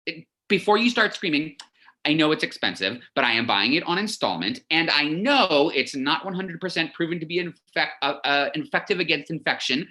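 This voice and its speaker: A man plays a chatty, lovesick son in lockdown who gushes and rambles through a message to his mother. His voice is bright and lively, and his pitch leaps high and drops low. It is a theatrical monologue. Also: heavily acted. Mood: nervous. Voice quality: gushing, rambling, quick to confess.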